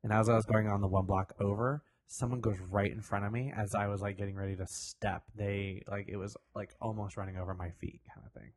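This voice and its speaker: A man's voice: fairly low pitch, flat delivery, fairly quick, few pauses, dry recording. A man co-hosting a podcast, chatting casually with joking banter. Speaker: podcast co-host. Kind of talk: casual chat.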